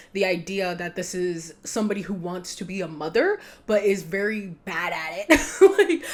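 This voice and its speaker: Chatty young woman rambling with giggles. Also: lowish voice. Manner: rambling, giggly, heavy use of "like". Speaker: vlogger reacting to a film. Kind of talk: casual chat.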